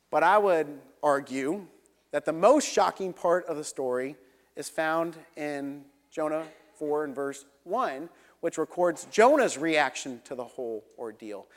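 A young man preaching a sermon, earnest, dropping to a low hush for emphasis. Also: long reverb tail. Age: young adult.

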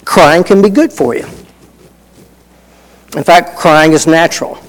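A man's voice: fairly high pitch, unhurried, long reverb tail, low-quality recording. A middle-aged man preaching a sermon in a folksy, conversational way, telling personal stories with asides. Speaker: pastor.

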